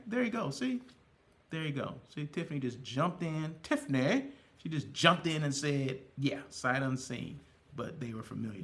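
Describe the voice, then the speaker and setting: A man's voice: mid-range voice, creaky, fairly bright tone. A middle-aged man hosting a casual livestream from a hotel room, chatty and repetitive, often asking his viewers questions. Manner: chatty, repeats himself, asks viewers questions. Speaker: hospitality livestream host.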